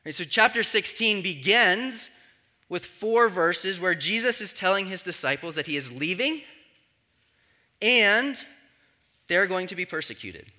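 A man preaching a sermon as a pastor, teaching in a conversational way and often checking in with his listeners with a quick "right?". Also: high-pitched, animated, bright, forceful tone.

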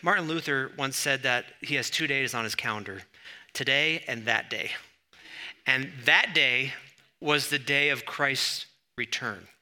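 A man preaching a sermon, conversational with asides, and rising loud when he reads scripture. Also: medium pitch, measured pace. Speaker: pastor.

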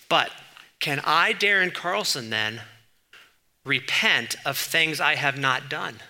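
A man preaching a conversational sermon, reading scripture passages aloud and breaking off into quick, informal asides. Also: fairly high pitch, pushed and bright. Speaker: pastor.

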